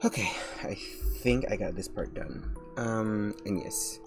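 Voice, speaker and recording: A man with a fairly low voice chats on a casual live stream, gushing and rambling, often stopping to apologize. Faint music plays softly behind him. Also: measured pace. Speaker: VTuber streamer. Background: faint background music.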